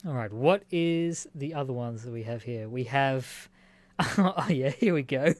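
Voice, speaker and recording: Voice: mid-range voice, slow, a little mellow, dry recording. A speaker reading out odd news stories and reacting with incredulous, laughing, swearing asides. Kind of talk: casual reaction commentary.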